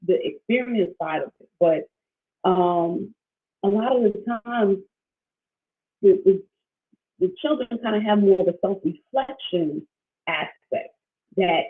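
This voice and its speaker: A woman hosting a casual livestream as a coach, talking in a rambling, animated way with many restarts and fillers, reading out viewer comments. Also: medium pitch. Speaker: financial wellness coach, livestream host. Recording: tinny phone-like sound.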